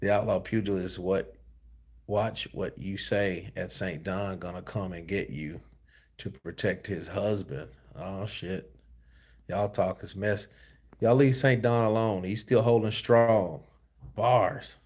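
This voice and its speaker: A man's voice: low voice, fairly even intonation, takes it slowly, darkish tone. A tired man hosting boxing commentary, reading viewer comments in a loose, slangy, laid-back way. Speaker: host of a boxing news channel.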